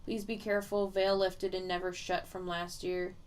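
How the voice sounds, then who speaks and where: A woman's voice: on the low side, level tone, moderate pace, clear, resonant tone. A woman psychic medium chatting casually on a livestream, reading viewer comments aloud and laughing often as she rambles.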